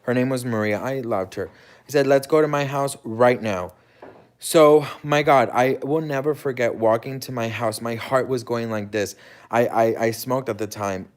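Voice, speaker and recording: A man's voice: medium pitch, normal speed. A man telling a dramatic personal story in casual chat, acting out quoted lines and swearing freely. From United States. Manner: animated, dramatic retelling with quoted dialogue and swearing. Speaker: host.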